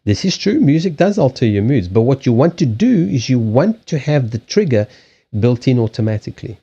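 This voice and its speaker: Male stream host, rambling and animated, mellow tone, dull lo-fi sound. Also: mid-range voice, a little fast, slightly rough. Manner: rambling, swearing, laughing, with frequent restarts. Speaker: livestream host and card reader. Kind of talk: casual live-stream chat.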